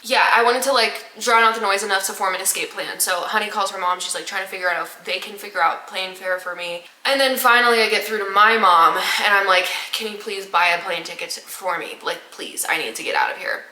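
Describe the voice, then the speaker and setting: Bright-voiced young woman telling a story. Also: mid-range voice, fairly quick, few pauses, roomy sound, poor audio. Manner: animated, laughing storyteller. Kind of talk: casual storytime chat.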